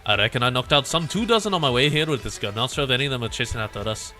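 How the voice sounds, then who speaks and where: A man's voice: mid-range voice, expressive, rapid-fire, pushed and bright, soft background music. A man voicing a brash young female soldier in a put-on Scottish accent while reading game dialogue aloud. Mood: hearty.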